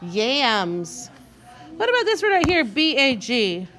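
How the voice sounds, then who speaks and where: A woman teaches young kids to read in a guided reading lesson, her voice high and bright. Encouraging and full of animation, she sounds out the tricky words slowly and invites the children to read along with her.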